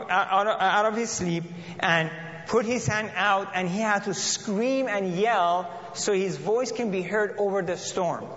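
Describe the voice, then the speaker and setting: A man's voice: sits high, fairly bright tone. A man preaching a sermon and reading scripture aloud, earnest, often repeating and restarting phrases. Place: church. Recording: dull lo-fi audio in a reverberant hall.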